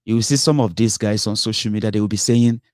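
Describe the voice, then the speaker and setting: A man's voice: on the low side, fairly even intonation, fast, darkish tone, no echo, clean studio sound. A man giving impassioned political commentary, breaking into exasperated outbursts, repeating himself and restarting his sentences. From Nigeria.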